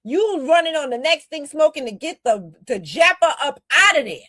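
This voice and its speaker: A woman hosts a commentary show and speaks bluntly and heatedly, with a fairly high voice. The sound is dry and close, with no room echo. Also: expressive, moderate pace, fairly bright tone. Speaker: commentary host. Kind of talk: casual commentary.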